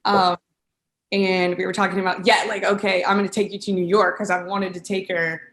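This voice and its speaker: A woman around thirty recounting a painful family memory, halting with many pauses and fillers. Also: medium pitch, level tone, a bit bright, roomy sound. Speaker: interviewee. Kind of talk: emotional personal recollection.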